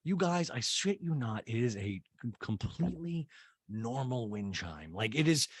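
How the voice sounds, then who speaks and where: A man's voice: mid-range voice, big pitch swings, measured pace, slightly rough, no echo. A man hosting a podcast, recapping a show in a chatty, profane, incredulous way. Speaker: podcast host. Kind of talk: casual comedic recap.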